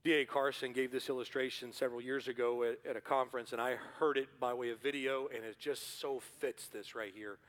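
A man preaching a sermon as pastor in a church, building to forceful repeated refrains. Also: mid-range voice, steady tone, brisk, few pauses. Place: church sanctuary. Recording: hall reverb.

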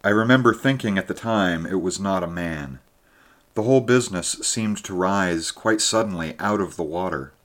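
A grave traveler on a river trip in a storybook reading, voiced by a man. He speaks slowly and quietly, with a deep voice. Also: close to an everyday voice. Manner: slow, grave and low.

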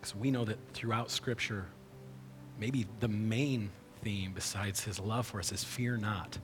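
A man's voice: on the low side, steady tone, a little slow, music in the background. A man preaching a sermon in a conversational way, often checking in with "right?". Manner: conversational, frequent "right?" asides. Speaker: pastor. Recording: long hall reverb.

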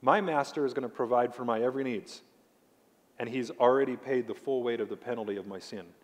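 A man delivers a sermon as pastor in an everyday mid-range voice. He is emphatic, slows down to lean on key words and questions his listeners directly. His voice carries a long reverb from a large church hall. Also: medium pitch. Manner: emphatic preaching, slowing down to stress key words; addresses the congregation directly with questions.

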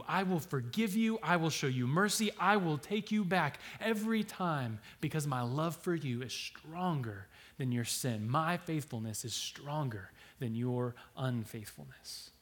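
Man preaching, hushed to emphatic. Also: fairly high pitch, a little slow, hardly any pauses. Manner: swings between hushed, near-whispered lines and loud emphatic scripture reading. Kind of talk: sermon.

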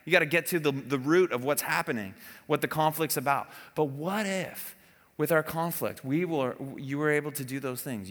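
A man preaching in a church, his voice bright and fairly high. He keeps the tone conversational and animated and often asks the audience questions. A long reverb trails his words around the hall. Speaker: pastor. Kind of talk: conversational sermon.

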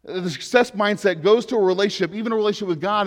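A man preaching a sermon in an earnest way, rising to loud pleading and dropping to hushed lines. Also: high-pitched, fast, long reverb tail. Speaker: pastor.

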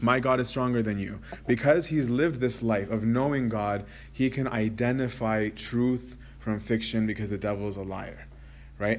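A man's voice: mid-range voice, a little mellow. A man giving a Christian lecture, reading a passage aloud and then explaining it in a conversational way, often asking "right?".

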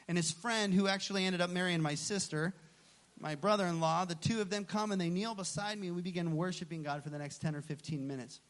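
Pastor in his thirties, male, slightly raised pitch, preaching with animated, story-driven delivery. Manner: animated storytelling, acting out dialogue. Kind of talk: sermon.

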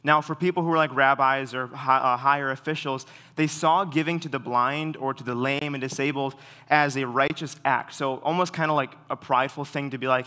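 Bright-voiced young man preaching casually. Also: medium pitch, fairly quick. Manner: relaxed, filler-heavy storytelling; animated when retelling stories. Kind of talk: casual sermon.

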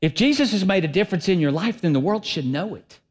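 A man preaching a sermon as pastor, emphatic and swinging between loud and soft delivery. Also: sits high, lively intonation, quick pace.

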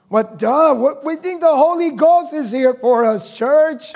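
High-voiced pastor preaching with fire. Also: male voice, unhurried, vocal fry, few pauses. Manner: rising to shouted preaching, call-and-response with congregation. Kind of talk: sermon.

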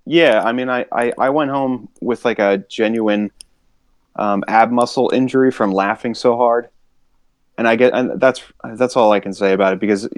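A man's voice: medium pitch, slight background noise. A man co-hosting a podcast, chatting casually in a rambling way with frequent restarts. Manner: rambling, restarts often, laughs a lot. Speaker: podcast co-host. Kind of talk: casual chat.

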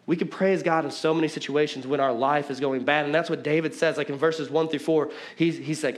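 Chatty pastor man, slightly high voice. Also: steady tone, brisk, hardly any pauses. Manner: conversational, heavy use of "like", jokey asides. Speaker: pastor and youth basketball coach. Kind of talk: casual sermon.

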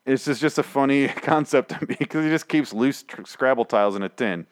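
A man's voice: medium pitch, a little fast, smooth, no echo, clean studio sound. Rambling, profane young man recapping a show. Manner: rambling and profane, with frequent restarts. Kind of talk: casual spoken recap.

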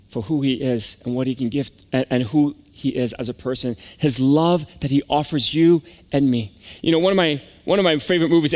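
A man delivering a sermon in a slightly higher voice than most men. He preaches in an emphatic, conversational way and keeps turning to the congregation with rhetorical questions. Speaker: pastor.

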